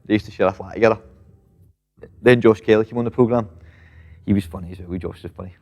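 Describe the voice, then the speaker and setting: Scottish male boxer in his thirties, deep-ish voice, loose and profane, recorded with lingering reverb. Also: fast talker, darkish tone, dull audio. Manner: swears freely, fills with "mate" and "know what I mean". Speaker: professional boxer, guest. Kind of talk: casual interview reminiscing. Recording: long reverb.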